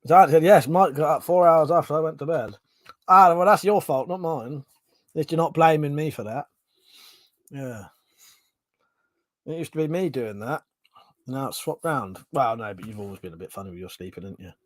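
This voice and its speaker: British male stream host: slightly high voice, dry close sound, sarcastic and sweary. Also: normal speed, pauses often, no echo. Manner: chatty, sarcastic, swears freely; reads out viewer comments. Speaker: livestream host. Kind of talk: casual live-stream chat.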